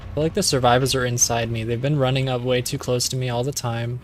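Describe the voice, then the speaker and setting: A man's voice: medium pitch, little pitch movement, fast talker, faint music behind. A male streamer chatting casually while playing, retelling a story in a rambling, playful way full of fillers. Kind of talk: casual gameplay commentary.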